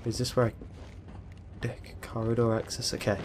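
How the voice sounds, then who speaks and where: A man hosting a let's play, giving excitable, chatty gameplay commentary and laughing often. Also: medium pitch, normal speed, background noise.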